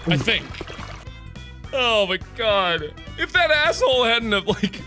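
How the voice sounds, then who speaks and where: Excitable man with lively pitch. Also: slow. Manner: excitable, swearing, bursts of laughter. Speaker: gaming video host. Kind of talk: let's play commentary. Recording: game music behind.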